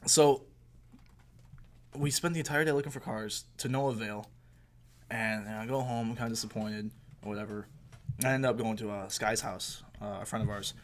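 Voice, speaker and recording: A young man co-hosting a podcast, telling a story in a casual, animated way, swearing and laughing as he goes. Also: lowish voice, normal speed, pauses often. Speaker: podcast co-host. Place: indoor recording room.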